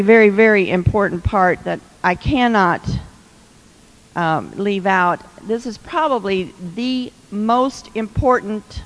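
Woman, advice speaker, slow and chatty with a teasing edge, hall reverb. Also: mid-range voice. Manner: chatty, laughing, teasing asides. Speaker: speaker giving marriage advice to women. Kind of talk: humorous advice talk to a live audience.

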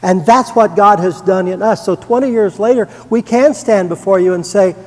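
A man's voice: high voice, normal speed, darkish tone, in a large hall. A middle-aged man giving a personal testimony to a congregation, earnest and rising to emphatic. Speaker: church member giving testimony.

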